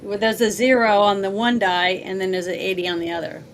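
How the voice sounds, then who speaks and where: A woman's voice: mid-range voice, brisk, a little hiss or hum. A woman playing in a tabletop game, easygoing and asking about the rules. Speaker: player. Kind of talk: casual tabletop game play.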